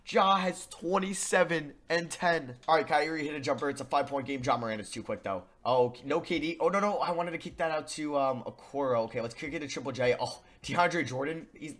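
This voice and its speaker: A young man commentating his own basketball video game, muttering plans and then shouting at the plays. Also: fairly high pitch, fairly quick, few pauses. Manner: excitable, swings from muttering to yelling. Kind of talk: gaming commentary.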